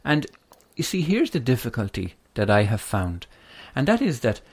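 A man's voice: lowish voice, a little mellow, husky, no echo. A man reading aloud from his own memoir in an earnest, grieving way, then talking about it.

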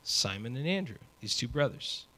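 Male pastor, casual and animated, mid-pitched, preaching a sermon. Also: moderate pace. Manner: conversational, animated preaching with asides.

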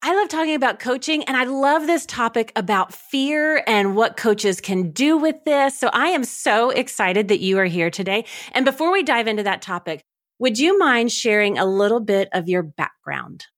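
A woman's voice: on the high side, animated, normal speed, fairly bright tone. A woman hosting an interview, introducing her guest with upbeat enthusiasm. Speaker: podcast host.

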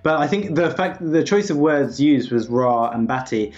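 A man's voice: on the high side, animated, moderate pace, darkish tone. A man in casual podcast chat, rambling with many fillers. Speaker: podcast co-host. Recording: slightly dull, lo-fi sound.

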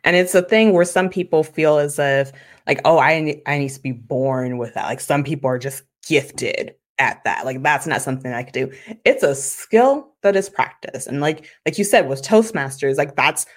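A woman marketing consultant speaking as a podcast guest, animated and chatty, often dropping "like" into her sentences. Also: low voice, moderate pace. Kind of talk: conversational interview.

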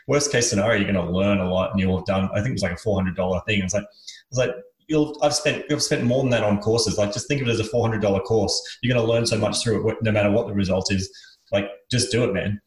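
A man's voice: quick pace, reverberant, rough recording. A man guest on a podcast, telling a parable in casual chat and lifting his voice for quoted characters. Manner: animated, lifts pitch for quoted voices. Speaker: podcast guest, business author.

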